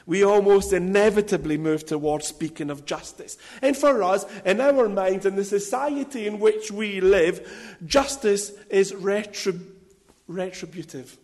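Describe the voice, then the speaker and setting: A man with a high voice delivers a sermon at an unhurried pace. He stresses his points with care and breaks off now and then to poke fun at himself. His voice rings out with a long reverb, as in a large hall. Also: darkish tone. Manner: deliberate, emphatic delivery with light self-deprecating asides. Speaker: preacher.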